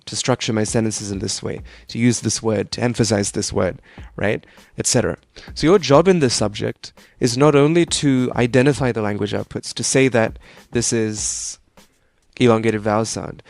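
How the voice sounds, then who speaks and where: A man's voice: mid-range voice, moderate pace, creaky, dry recording. A young adult man tutoring a student one-on-one over a video call, explaining at length and tagging his sentences with "right?".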